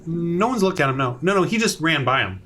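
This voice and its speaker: A man running a tabletop game as game master, relaxed and hesitant, with many fillers, talking over a home computer mic on a voice call. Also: on the high side, brisk, a little hiss or hum.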